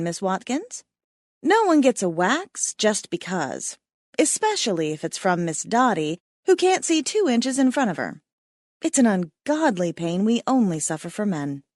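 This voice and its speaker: A woman's voice: mid-range voice, darkish tone, no room sound, clean studio sound. A woman voicing a sassy young mother who teases her friend. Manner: brassy and teasing.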